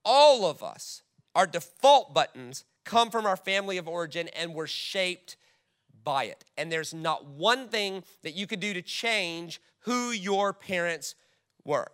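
A man's voice: high-pitched, animated, measured pace, fairly bright tone, smooth. A man preaching a sermon, emphatic and direct, reading scripture aloud to his congregation. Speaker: pastor.

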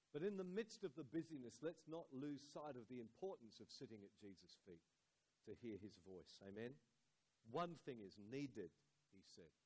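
A man preaching a sermon, dropping to a soft hush on key words and lifting his voice and slowing for emphasis. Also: mid-range voice, poor audio. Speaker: pastor.

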